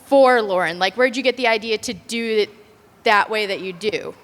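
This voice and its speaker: A woman's voice: medium pitch, moderate pace, a bit bright. A woman fan eagerly asking a question at a convention Q&A. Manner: eager, enthusiastic. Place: convention hall. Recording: long hall reverb.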